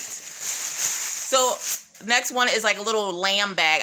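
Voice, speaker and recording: A woman's voice: low voice, moderate pace, bright, forceful tone. A woman hosting a casual craft livestream, playfully greeting chat viewers by name and joking with them as she unboxes.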